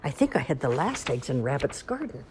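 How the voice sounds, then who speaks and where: A woman voicing an excitable, forgetful mother duck in a read-aloud storybook, in a fretful voice. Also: rumbling low, brisk, slight background noise. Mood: tearful.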